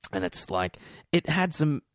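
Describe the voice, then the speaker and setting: A man's voice: on the high side, measured pace, no echo. Young man, podcast co-host, casual swearing, dry recording. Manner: animated, swears, does mocking voices. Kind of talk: casual film review chat.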